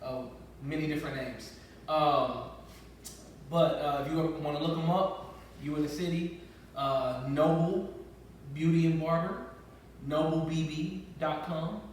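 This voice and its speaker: A man's voice: a little high, steady tone, unhurried, slight background noise. A man hosting a casual group talk, joking and stumbling over his words as he introduces a guest. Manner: joking, loose, repeats words. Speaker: podcast host. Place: barbershop. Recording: echoey room, mic far off.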